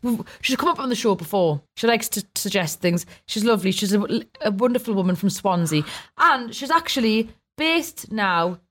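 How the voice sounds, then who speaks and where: A woman's voice: medium pitch, expressive, moderate pace, fairly bright tone. Chatty giggly British woman co-host. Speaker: podcast co-host. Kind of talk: casual chat.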